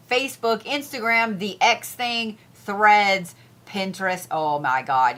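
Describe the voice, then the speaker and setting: A woman's voice: mid-range voice, lively intonation, unhurried, pushed and bright. Lady giving zodiac reads, cusses a lot, says things twice, super casual. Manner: blunt, profane, repeats herself. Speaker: spiritual reader, host.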